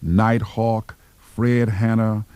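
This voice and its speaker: Deliberate, dry-voiced motivational speaker man. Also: on the low side, level tone, mellow, clean tone, dry recording. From Miami, Florida, US. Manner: slow, deliberate, emphatic phrasing. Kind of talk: motivational storytelling speech.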